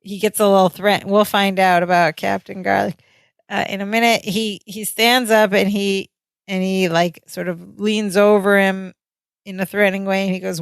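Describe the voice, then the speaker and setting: A woman co-hosting a podcast, recapping scenes in a relaxed, chatty way and reading out the characters' lines as she goes. Her voice sits in a middling range and sounds dry and close on the mic. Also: mid-range voice, moderate pace, gravelly, clear, resonant tone, no room sound. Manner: retells scenes, quoting dialogue. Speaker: podcast co-host. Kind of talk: casual chat recapping a sitcom episode.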